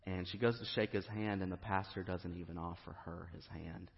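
A man's voice: deep voice, steady tone, normal speed, vocal fry. A man preaching a sermon in a church, telling a story with strong emphasis. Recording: reverberant hall, dull lo-fi.

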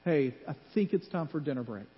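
A man's voice: a little high, fairly quick. A male pastor preaching a sermon in a church, telling stories and acting out the voices in them. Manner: animated storytelling, acts out voices in quotes. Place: church sanctuary. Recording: muffled hall with long reverb.

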